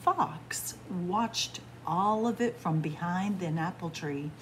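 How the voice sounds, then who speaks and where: A woman librarian reading a picture book aloud to children in a playful, animated storytelling manner. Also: lowish voice, slow, a little hiss or hum.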